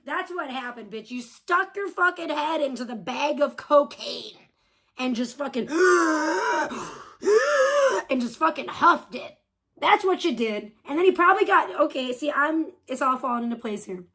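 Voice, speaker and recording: Woman streaming from home, kinda high voice, swears a lot, sarcastic and mocking. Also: animated, moderate pace, pushed and bright. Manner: profane, mocking, sarcastic asides. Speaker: streamer reacting to another stream. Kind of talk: live stream commentary.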